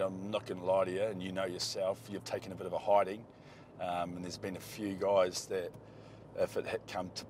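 Kiwi bloke, really low voice, relaxed and umming a lot, chatting in a ute. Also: male voice, slight background noise. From New Zealand. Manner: laid-back, hesitant with many ums. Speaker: rugby player. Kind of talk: casual in-car chat. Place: inside a moving ute.

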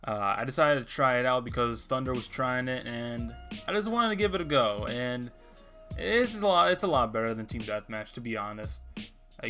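A man's voice: mid-range voice, fairly bright tone. A young man giving gameplay commentary on his video channel, ranting in an opinionated, frustrated way. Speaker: gaming video creator.

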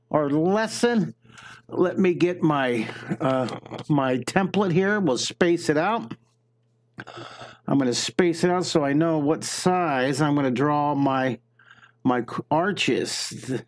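Chatty drawing teacher guy on a livestream, bit high voiced, narrates every step. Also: slow pace. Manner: chatty, upbeat, greets viewers while drawing; talks through each step of a drawing. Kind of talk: live-streamed drawing lesson.

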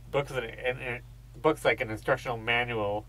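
A man's voice: medium pitch, fairly even intonation, fairly quick, fairly bright tone, low-quality recording. A man co-hosting a podcast in casual chat, rambling through stories, swearing freely and laughing as he talks. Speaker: podcast co-host.

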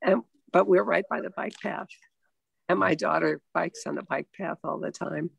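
Husky, gravelly woman on a video call. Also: lowish voice, normal speed, no room sound. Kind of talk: casual video-call chat.

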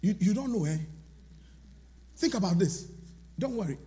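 A man preaching a sermon as pastor, swinging from loud shouted lines to hushed asides. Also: high voice, lively intonation, normal speed. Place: large church sanctuary. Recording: long church reverb.

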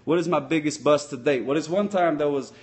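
Folksy, speeder-obsessed male sock-puppet cop, voiced by a man, pitched a bit high, rambling in a comic live-stream chat. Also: fairly quick, natural voice. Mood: chatty. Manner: folksy, rambling, loose grammar.

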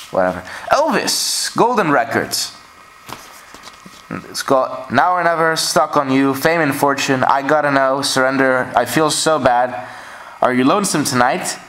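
A man's voice: medium pitch, fairly bright tone, a little hiss or hum, rough recording. Offhand young man reading track lists. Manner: offhand, shrugs things off with "whatever". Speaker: vlogger showing record pickups.

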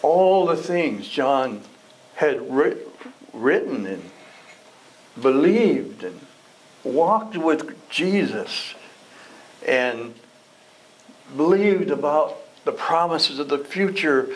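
A man teaches an adult Sunday school class in a church classroom, reading scripture and asking questions conversationally. His voice is on the high side with big pitch swings, and he speaks extremely slowly with long pauses. The recording is low quality.

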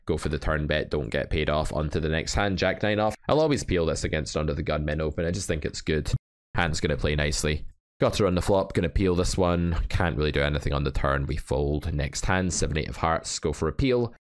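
Wry deep-voiced poker coach. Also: male voice, brisk. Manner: wry, animated, joking asides. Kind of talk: hand review commentary.

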